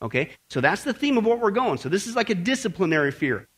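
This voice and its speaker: A man's voice: sits high, very animated, fast talker, fairly bright tone, breathy edge. A man teaching a Bible lesson to a group in a conversational, jokey preaching style, constantly checking in with "okay?" and "right?". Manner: jokey, uses slang.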